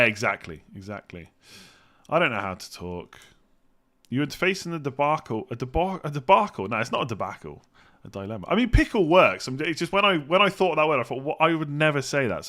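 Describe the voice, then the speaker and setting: Bright-voiced English man thinking aloud. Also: mid-range voice. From England. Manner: rambling, thinks aloud, hums while reading. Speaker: fantasy football streamer. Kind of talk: live stream Q&A.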